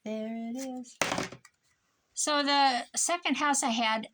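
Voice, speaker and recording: A woman's voice: high-pitched, takes it slowly, noisy background. A tired woman chatting casually to herself and her viewers while crafting at home, muttering and joking at her own expense. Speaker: crafting vlogger.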